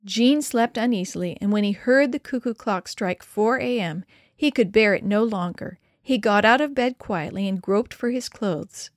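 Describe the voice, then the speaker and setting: A woman reading a storybook aloud in a steady, even manner, her pitch sitting in a middle range. The sound is dry and close with no room around it. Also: moderate pace, no echo. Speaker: narrator.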